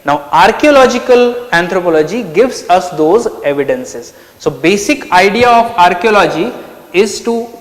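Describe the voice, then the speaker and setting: A man's voice: sits high, expressive, moderate pace, roomy sound, long reverb tail. A man teaching an online lecture, explaining step by step and asking himself questions. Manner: explanatory, asks and answers his own questions. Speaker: anthropology teacher.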